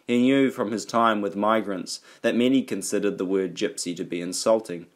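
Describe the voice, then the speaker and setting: A man reading an audiobook aloud in a steady, even storytelling manner. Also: on the low side, moderate pace. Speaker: audiobook narrator. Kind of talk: audiobook narration.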